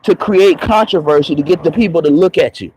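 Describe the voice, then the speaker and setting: Man, raspy voice, somewhat high pitch, combative mocking rant, live stream. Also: a little fast, a little mellow, low-quality recording. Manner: confrontational, profane, mocking. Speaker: online commentator. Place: moving around on the go, patchy signal.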